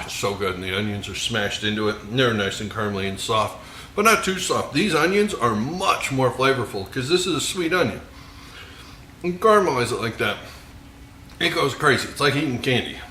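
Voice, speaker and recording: Man, home cooking host, mid pitch, jokey and eager, roomy kitchen sound with a faint hiss. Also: sharp tone. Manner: jokey, enthusiastic, savoring food with murmured mms. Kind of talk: casual cooking vlog with tasting.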